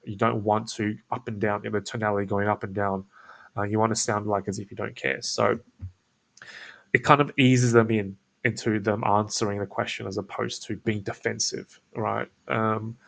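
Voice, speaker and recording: A man with an Australian accent explaining a cold call script in a casual teaching talk, his voice creaky and croaky, kept laid-back and toned down. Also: level tone, normal speed, fairly bright tone. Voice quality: creaky, croaky low delivery. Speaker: agency owner teaching cold calling. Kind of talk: casual instructional talk with demo lines.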